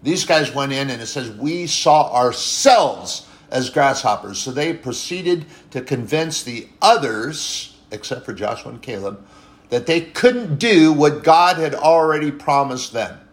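A man preaching a sermon in a conversational way, repeating phrases for emphasis and pausing to correct himself. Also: on the high side, animated. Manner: conversational, repetitive and emphatic, with frequent restarts and apologies.

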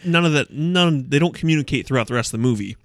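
A man co-hosting a casual movie review chat, chiming in with quick agreement and dry quips. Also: fairly high pitch, animated, a bit bright, dry recording. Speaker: podcast co-host.

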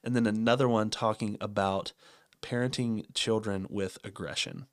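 A man's voice: fairly low pitch, steady tone, moderate pace, dry recording, studio quality. A man in his thirties co-hosting a casual parenting podcast, candid and earnest, laughing at his own shortcomings. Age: 30s. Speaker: podcast co-host.

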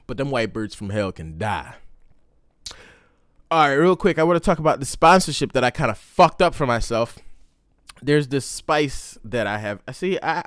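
A young man hosting a casual solo podcast, telling stories in a profane, slangy, animated way. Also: medium pitch, no echo, clean studio sound. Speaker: podcast host.

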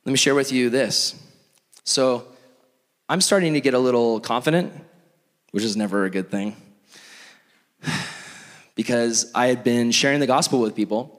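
A male pastor telling a sermon story in an animated, self-mocking way, acting out scenes, in a church hall. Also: mid-range voice, measured pace, long pauses. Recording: long hall reverb.

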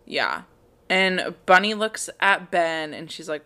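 A woman co-hosting a casual podcast, retelling a TV episode scene by scene. She slips into quick quotes of the characters' lines as she narrates. Her voice sits on the low side. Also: animated, pushed and bright. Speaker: podcast co-host. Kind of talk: casual chat recapping a TV show.

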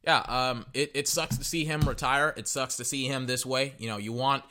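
A man's voice: medium pitch, moderate pace. A man hosting a sports podcast, chatting casually and rambling through play-by-play with frequent restarts. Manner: rambling, restarts, excited outbursts. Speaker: podcast host.

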